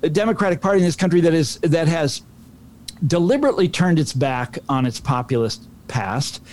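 Higher-voiced male author, stammering. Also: animated, brisk, a little mellow. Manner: thoughtful, stumbling restarts. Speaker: author guest. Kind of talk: interview answer.

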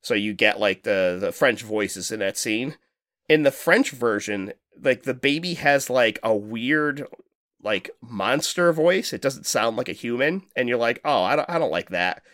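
A man's voice: mid-range voice, lively intonation, a little slow, fairly bright tone, no echo, studio quality. A man co-hosting a podcast in casual chat, rambling and swearing as he talks, laughing often. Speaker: podcast co-host.

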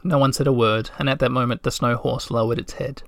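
A man narrating a storybook in a calm, measured way. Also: mid-range voice, vocal fry, dry recording, clean studio sound. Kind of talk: audiobook narration.

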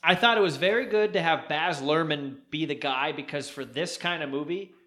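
A young adult man co-hosting a casual podcast chat, animated and jokey, with rambling asides. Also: on the high side, normal speed. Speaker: podcast co-host.

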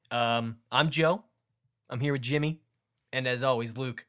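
A man's voice: medium pitch, fairly even intonation, measured pace, long pauses, a bit bright, clear, resonant tone. A young man hosting a casual sports podcast, upbeat and joking as he hypes up the show. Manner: upbeat, joking, hype-style show intros. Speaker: podcast host.

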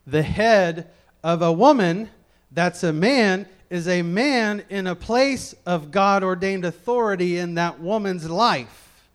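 A man's voice: sits high, slow. A middle-aged man preaching a Bible-teaching sermon in a conversational way, with joking asides and key phrases repeated for emphasis.

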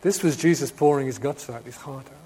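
A man preaching a sermon, swinging between emphatic proclamation and hushed reflection, often asking his listeners rhetorical questions. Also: mid-range voice, fairly quick, breathy edge. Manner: asks rhetorical questions of the congregation.

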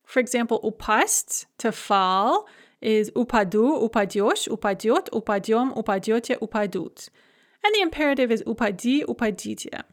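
A woman's voice: on the high side, animated, moderate pace. Methodical woman teaching verb forms. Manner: clear, methodical, drilling word forms in lists. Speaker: language teacher. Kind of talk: recorded grammar lesson.

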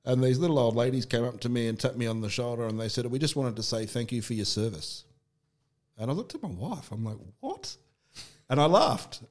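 A man's voice: medium pitch, animated, fast talker. A middle-aged Australian man telling personal stories candidly in casual conversation, with frequent restarts. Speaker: podcast guest.

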